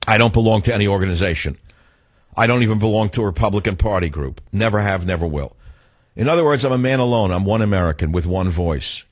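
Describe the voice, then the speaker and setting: A man's voice: fairly low pitch, expressive, fast, no echo. A male radio talk show host giving an indignant monologue full of repeated rhetorical questions.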